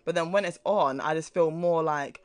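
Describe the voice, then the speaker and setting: A young man chatting casually as a podcast co-host, animated and quick to laugh, swearing now and then. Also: fairly high pitch. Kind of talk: casual chat.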